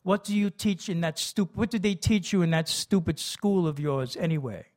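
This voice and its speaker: A fretful, nagging mother with a high, shrill voice that scolds and worries in sharp bursts, as a male storyteller puts her on. She speaks in a raised tone full of complaint, the way a memoir reader might voice an anxious parent. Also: normal speed, close to an everyday voice. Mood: scolding.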